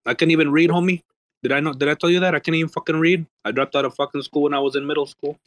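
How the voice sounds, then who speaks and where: A man's voice: fairly high pitch, fairly even intonation, very fast, fairly bright tone, no echo. A man in a casual online chat, talking laid-back slang with swearing. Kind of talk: casual chat on a live audio space.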